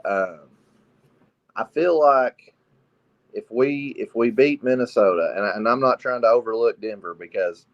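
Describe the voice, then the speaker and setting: A man's voice: mid-range voice, measured pace, pauses often, no room sound. Easygoing man on a dull call line. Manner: friendly, easygoing, speaking quietly. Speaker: caller. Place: small bathroom at night.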